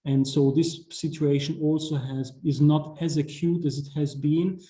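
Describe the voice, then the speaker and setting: A middle-aged man speaks in English over a video call, his voice very dark and mellow. He talks in a measured, halting way, full of "uh" and "um" and restarted phrases. The sound is roomy, with a clear echo from the space around him. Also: a little high, fairly even intonation. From Austria. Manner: measured, many fillers and restarts. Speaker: guest speaker, ambassador. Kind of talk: online talk, lecture.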